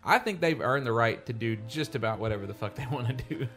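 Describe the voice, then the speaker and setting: A man's voice: medium pitch, animated, quick pace, music in the background. A man hosting a casual gaming podcast, rambling and laughing often. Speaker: podcast host. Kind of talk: casual chat.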